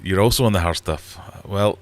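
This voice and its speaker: Very low-voiced man rambling self-deprecatingly. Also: normal speed. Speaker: livestream host. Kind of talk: casual livestream chat. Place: small warm fish room at home.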